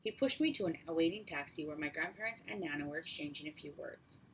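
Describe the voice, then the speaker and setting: Low-voiced woman reading an audiobook. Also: fast talker, a little hiss or hum, poor audio. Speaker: audiobook reader. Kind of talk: first-person audiobook narration.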